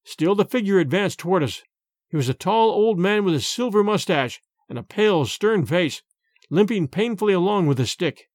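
A man narrating a first-person story in a measured storytelling manner. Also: high voice, expressive, a little mellow, no echo, clean studio sound. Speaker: audiobook narrator.

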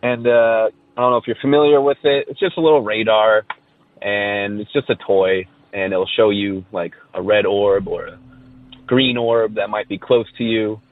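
A man's voice: on the low side, steady tone, normal speed. A man from Southern California leaves a casual voice message, telling a ghost story in a rambling way with many fillers. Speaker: caller sharing a ghost story. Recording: tinny phone line, dry.

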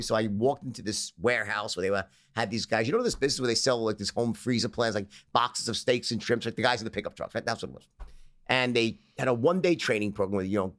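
An American man telling stories in a casual interview as the guest, acting out the people in them and laughing often. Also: medium pitch. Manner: lively, animated storyteller who acts out the people in his tales, laughing often.

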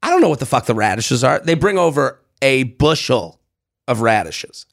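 A man co-hosting a casual podcast chat, telling stories in an animated way and swearing freely. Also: mid-range voice, normal speed, creaky. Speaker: podcast co-host.

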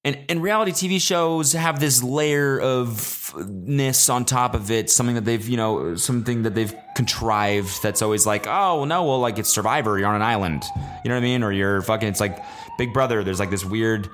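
A young man hosting a casual solo podcast, ranting with swearing and sudden high, exasperated outbursts. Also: normal speed. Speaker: podcast host. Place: traveling abroad, recording while away.

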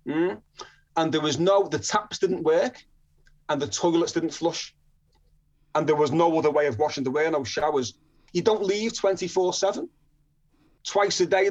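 Podcast guest, man from northern England, animated raconteur, slightly high voice, lo-fi muffled sound. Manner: lively storyteller, acting out quotes. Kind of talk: storytelling interview.

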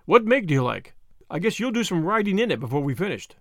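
A man's voice: high voice, big pitch swings, fast, fairly bright tone, dry recording, clean studio sound, exaggerated voice. A man voicing a brash, generous young American with an American accent and breezy, confident slang.

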